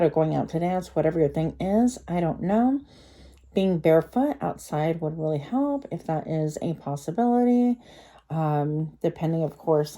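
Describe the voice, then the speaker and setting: A woman reads tarot cards for her viewers in a relaxed, rambling way, stopping often to think aloud. Her voice sits a little low and sounds very mellow and dark. Her speech is slightly slurred by a retainer in her mouth. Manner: chatty, rambling, thinking aloud with many fillers. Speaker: tarot card reader. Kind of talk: pick-a-card tarot reading.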